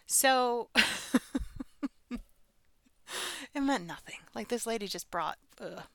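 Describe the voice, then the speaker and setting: Woman, casual storytelling, blunt, frank, laughing asides, highish voice, dry recording. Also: animated, very slow, gravelly, pushed and bright, no room sound.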